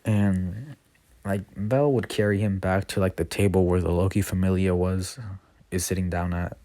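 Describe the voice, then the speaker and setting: A man's voice: deep voice, steady tone, moderate pace, warm tone, no echo. A man casually retelling a fan story, rambling with constant fillers and self-corrections. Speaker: channel host.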